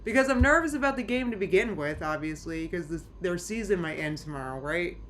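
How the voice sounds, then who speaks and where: A woman's voice: lowish voice, animated, brisk, a bit bright, slight background noise. Rambling, anxious woman streamer. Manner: rambling, anxious, many restarts and nervous laughs. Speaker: streamer chatting with live chat. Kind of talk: casual live-stream chat.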